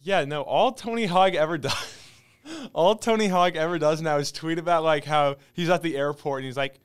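Young male co-host, slightly higher smooth voice, dry sarcastic delivery. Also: normal speed. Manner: wry, sarcastic asides. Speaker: podcast co-host. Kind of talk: casual chat.

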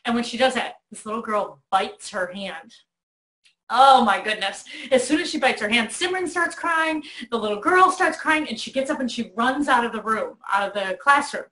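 A middle-aged woman hosting a talk, telling a lively story to a child in a bedroom. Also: a little high, moderate pace, roomy sound. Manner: animated storyteller, acts out voices in quotes. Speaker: host. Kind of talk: warm storytelling to a child on video.

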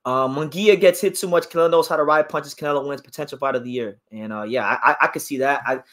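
A mid-range, somewhat bright male voice talks at a quick pace. The boxing channel host keeps his livestream casual and chatty, reading out viewer comments, reacting, and giving opinions on fighters.

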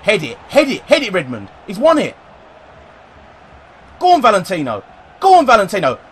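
A man from England commentating live on his own football video game, excitable and swearing, swinging between yelling at the players and deflated muttering. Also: sits high, moderate pace, breathy edge. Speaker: gaming YouTuber.

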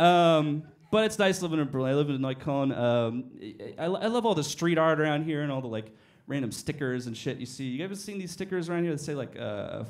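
A man telling stand-up stories on a small cafe stage, animated and swearing freely as he acts out each scene. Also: a little high, a little fast. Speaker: stand-up comedian. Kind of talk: stand-up storytelling.

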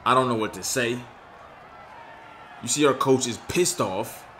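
A young man's mid-pitched voice, a little slow, comments loosely and with slang on his own video game as a gaming YouTuber. Faint background noise runs underneath, and he swings between excitement at big plays and frustration when things sour.

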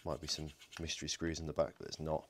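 Speaking fast in a very deep monotone, a man narrates a casual teardown of a battery pack for his DIY electronics video, with background noise behind him. Working in his home workshop, he jokes, thinks aloud, and often says "um" or corrects himself.

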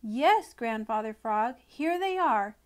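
A woman's voice: high-pitched, slow pace. A woman voicing a small, polite young male meadow mouse who speaks breathlessly and eagerly.

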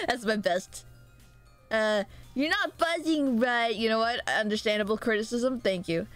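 A woman's voice: fairly high pitch, unhurried, faint music behind. A young woman streamer chatting casually and giggling with her viewers. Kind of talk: casual livestream chat.

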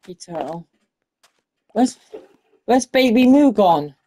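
A gaming video creator, a woman with a mid-range voice, speaks slowly while playing a game. Her commentary is casual and excitable, and she chats to the animals on screen.

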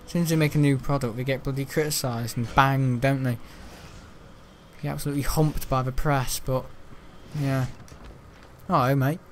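A man's voice: medium pitch, fairly even intonation, moderate pace, pauses often, a little hiss or hum. A man giving casual, rambling gameplay commentary, joking and laughing often. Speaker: gaming channel host.

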